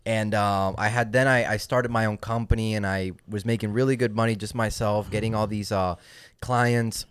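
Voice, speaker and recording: A man's voice: fairly low pitch, steady tone, moderate pace, clean tone, no room sound. A young man, a podcast guest in a studio who tells rambling stories with many restarts and mixes in Spanish phrases. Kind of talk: casual chat.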